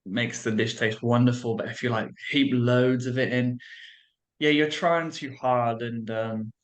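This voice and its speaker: A man's voice: mid-range voice, fairly even intonation, a little slow. A British man hosting a casual chat about languages, talking in a loose, chatty way. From Britain. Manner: chatty, many likes and restarts. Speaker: language coach and host.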